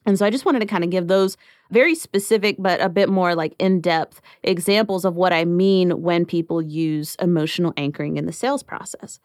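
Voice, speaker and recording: A woman's voice: fairly low pitch, brisk, darkish tone, dry recording, clean studio sound. A woman in her thirties hosting a podcast, talking casually and acting out the lines of the people she quotes. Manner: chatty, acts out quoted dialogue. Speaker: podcast host.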